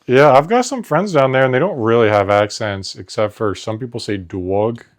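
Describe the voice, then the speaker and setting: A man from New Jersey, co-hosting a podcast and telling stories in a relaxed, rambling way full of "like.". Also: mid-range voice, fairly quick. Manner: rambling, relaxed storytelling with frequent "like". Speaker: podcast co-host. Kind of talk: casual chat.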